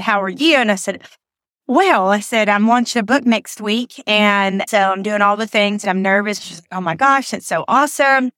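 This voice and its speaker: A mid-pitched woman tells a casual story to camera with upbeat encouragement. The sound is dry, with no room echo. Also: a bit bright. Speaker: vlogger sharing daily stories.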